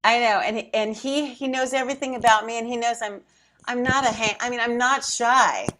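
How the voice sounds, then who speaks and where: A woman's voice: fairly high pitch, steady tone, fairly quick, fairly bright tone. A middle-aged woman telling a personal story in a casual chat, acting out her own thoughts and choking up at times. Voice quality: emotional, close to tears at times. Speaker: podcast co-host.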